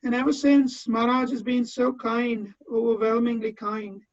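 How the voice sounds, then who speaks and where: A man's voice: very high-pitched, flat delivery, normal speed, no echo. A man giving a heartfelt tribute speech as a disciple, telling personal memories earnestly, often restarting his phrases. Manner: earnest, with frequent repeated starts. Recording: dull, dry lo-fi sound.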